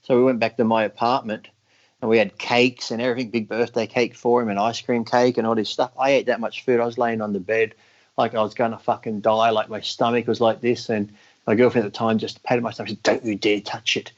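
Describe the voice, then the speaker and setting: Brief: male podcast guest, mid-pitched, loose storyteller who swears often, muffled lo-fi audio. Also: little pitch movement, fast talker. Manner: crude, laughing anecdotes, heavy swearing. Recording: dull lo-fi audio.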